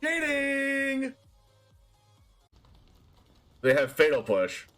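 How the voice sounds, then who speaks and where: Guy streaming a card game, super high voice, yells and laughs a lot, faint music behind. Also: drawn-out words. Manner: excitable, often shouting and laughing. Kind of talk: live card game commentary.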